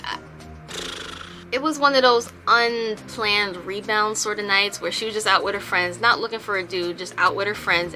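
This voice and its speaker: A woman telling a storytime on her home vlog, chatty and animated. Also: mid-range voice. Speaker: vlogger.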